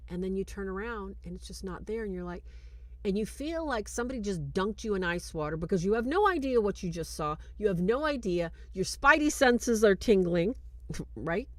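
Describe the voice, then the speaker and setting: A woman hosts a live film review stream and retells scenes in a casual, animated way. She speaks conversationally and acts out bits of the story. Her close mic gives a dry, intimate sound. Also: mid-range voice, dry recording. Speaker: host of a film review show.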